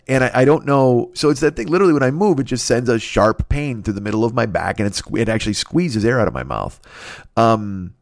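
A man hosting a podcast, telling a rambling, profane story in a casual, animated way. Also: medium pitch, brisk, no echo, clean studio sound. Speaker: podcast host.

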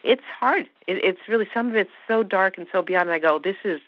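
An actress being interviewed speaks fairly quickly in a mid-range voice, emphatic and animated with many restarts. The recording has no room sound but is dull and lo-fi.

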